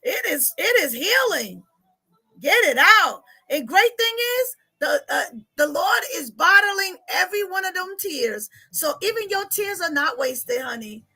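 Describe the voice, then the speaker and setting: A woman's voice: very high voice, sing-song, a little slow, pushed and bright, poor audio. A middle-aged woman, coaching viewers on a live stream, emotional and often laughing through tears as she reads their comments. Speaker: life coach.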